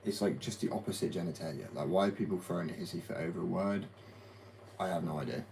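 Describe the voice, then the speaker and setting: This young man owns a skateboard company and tattoos as a hobby, and his voice sits low, fast and creaky with a darkish tone. Chatting casually in an interview about skating and his tattoo art, he rambles, fills his talk with "like," and swears bluntly. The audio is poor, with slight background noise.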